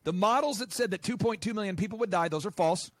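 High-voiced, fired-up man talking fast. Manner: animated, emphatic, rapid-fire. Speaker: guest, business coach and podcast host. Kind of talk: interview.

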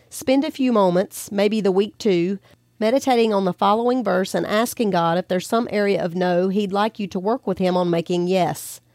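A gentle woman reading a devotional. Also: medium pitch, dry recording, clean studio sound. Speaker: podcast host and author.

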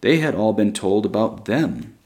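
A man with a lilt reads a short story aloud, slow and deliberate, each phrase set down with care. His voice sits low. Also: big pitch swings, dark tone. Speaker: reader.

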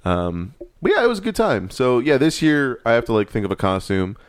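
A man's voice: mid-range voice, sing-song, a little fast, dry recording, studio quality. A man from San Francisco co-hosting a casual chat, wry and rambling. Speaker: podcast co-host.

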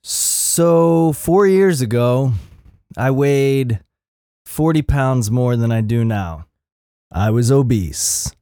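A man's voice: medium pitch, lively intonation, slow, warm tone, clean tone, no echo, clean studio sound. Profane, rambling middle-aged man host. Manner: profane, rambling and self-mocking. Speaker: podcast host. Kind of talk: casual solo podcast rant. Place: Los Angeles area.

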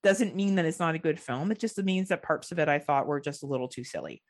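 A woman's voice: deep voice, animated, fast talker. A woman from Ontario, Canada hosting a horror podcast, chatting casually, laughing often and swearing freely. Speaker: podcast host. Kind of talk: casual chat.

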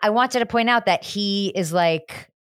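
A woman's voice: medium pitch, unhurried, dry recording. A woman co-hosting a casual chat, cracking dry, teasing jokes. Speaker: podcast co-host.

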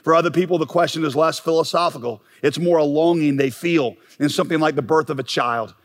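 A man with a fairly high voice preaches from the pulpit, pressing his points home and swelling to strong peaks. His words ring out with a long tail of reverb from a large sanctuary. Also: fast. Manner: emphatic preaching, rising to bursts of force. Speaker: pastor. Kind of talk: sermon.

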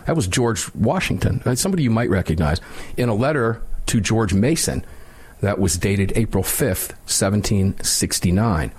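A middle-aged man from Michigan hosting a talk radio show, chatting and telling stories in an animated way. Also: on the low side, normal speed, slightly rough. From Michigan, USA. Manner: chatty storyteller, animated retellings. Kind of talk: casual radio chat.

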